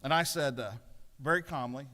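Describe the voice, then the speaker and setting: A man's voice: medium pitch, moderate pace, bright, forceful tone. A middle-aged man giving a sermon as a pastor, telling a story with self-deprecating humor. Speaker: pastor giving the morning devotion. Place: large legislative chamber. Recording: long reverb of a large chamber.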